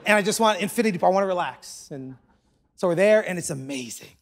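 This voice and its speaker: A male pastor delivers a sermon, weaving in a personal story with lively, self-mocking humor. His voice sits a little high for a man, and he jumps quickly into playful asides. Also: a little hiss or hum. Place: large church auditorium.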